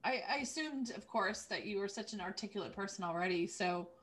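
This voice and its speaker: A woman's voice: medium pitch, lively intonation, brisk, a bit bright. A woman hosting a conversation, responding with enthusiasm to her guest. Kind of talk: conversational interview.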